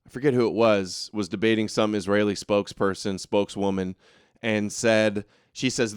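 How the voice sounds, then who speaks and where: A man's voice: fairly low pitch, steady tone, moderate pace, clear, resonant tone, no room sound, studio quality. A man hosting a casual political commentary livestream, talking in a sarcastic, mocking way, reading viewer comments aloud and ranting indignantly. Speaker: livestream show host.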